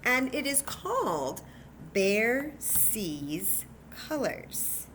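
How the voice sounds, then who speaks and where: Woman, children's librarian, sing-song, very slow, faint background hiss. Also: a little high, very animated, fairly bright tone. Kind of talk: children's story time with a craft. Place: home room with a cat nearby.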